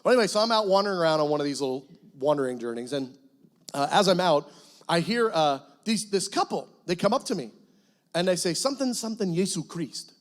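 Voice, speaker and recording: A man, a guest pastor, telling his testimony as a sermon in lively storytelling that bursts into excited, shouted quotes. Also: fairly high pitch, fast.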